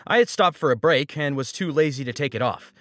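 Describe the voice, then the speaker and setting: Expressive male story reader. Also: fairly high pitch, brisk, dry recording. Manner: expressive, wry asides. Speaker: story narrator. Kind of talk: reading online stories aloud.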